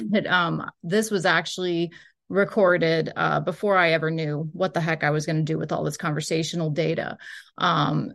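A woman's voice: low-pitched, creaky. A woman giving a recorded lecture, walking through a transcript in a loose, explanatory way and often hedging as she goes. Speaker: linguistics lecturer.

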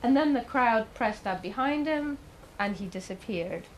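A woman's voice: fairly high pitch, animated, measured pace, slight background noise, rough recording. A woman giving a talk, telling a story in a conversational way with the odd filler and questions to the audience. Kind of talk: storytelling lecture.

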